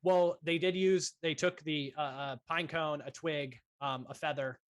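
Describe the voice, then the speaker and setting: A man's voice: a little high, steady tone, unhurried, no room sound. A man narrating as game master of a tabletop game, describing scenes with many ums and uhs. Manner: hesitant, full of ums and uhs.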